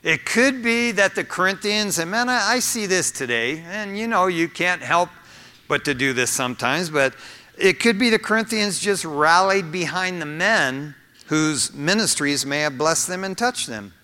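A man's voice: high-pitched, animated, normal speed, pushed and bright. A middle-aged male pastor preaching a sermon in an earnest, conversational way, mixing teaching with personal asides. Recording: long hall reverb.

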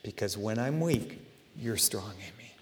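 A man's voice: fairly low pitch, expressive, unhurried, long reverb tail, a little hiss or hum, voice pushed down. A man doing an earnest, weary apostle. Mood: resolved. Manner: plain, casual, earnest. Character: Apostle Paul, weary man pleading then resolved.

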